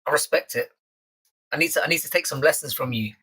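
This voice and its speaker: A man's voice: a little high, fast, pushed and bright, husky. A young man with a London accent hosting a live stream chat, casually swearing and teasing the viewers in his chat.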